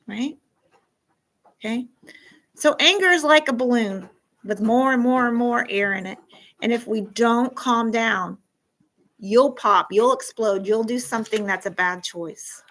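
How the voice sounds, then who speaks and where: Lively woman teaching fourth graders. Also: fairly high pitch, a little slow, rough recording. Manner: animated, acts out scenarios, asks the class questions. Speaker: school counselor teaching a class. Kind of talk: classroom lesson to fourth graders.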